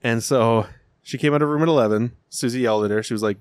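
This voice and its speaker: A man in his thirties chats casually and bluntly, swearing often and telling animated stories. His voice sits at an ordinary pitch. It is recorded dry, with no room sound. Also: quick pace, dry recording. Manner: blunt, profane, animated storytelling. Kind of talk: casual chat.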